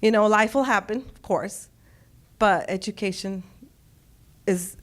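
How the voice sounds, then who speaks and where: A woman's voice: mid-range voice, fairly even intonation, a little slow. A middle-aged woman telling a personal story on stage, emotional and laughing often as she quotes others.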